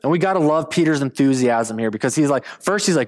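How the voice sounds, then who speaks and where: A man in his thirties, a pastor preaching a sermon with animated, playful storytelling. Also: on the high side, quick pace, hardly any pauses.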